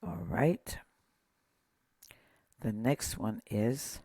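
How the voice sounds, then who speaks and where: A man teaching a pronunciation lesson, saying each word slowly and repeating it while pointing out accent marks. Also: mid-range voice, sing-song, mellow, breathy edge, dry recording. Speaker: Hebrew teacher.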